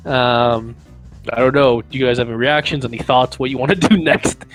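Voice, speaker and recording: A man's voice: mid-range voice, steady tone, brisk, faint music behind, low-quality recording. A man running a tabletop game as game master, describing the scene casually with many fillers.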